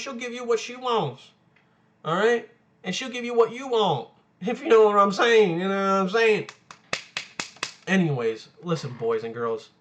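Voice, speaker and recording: A man's voice: high voice, fairly bright tone. A young man hosting his own podcast, talking casually in a rambling, profane way and often losing his train of thought. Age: young adult. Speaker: podcast host. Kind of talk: casual solo podcast rant. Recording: lo-fi home audio.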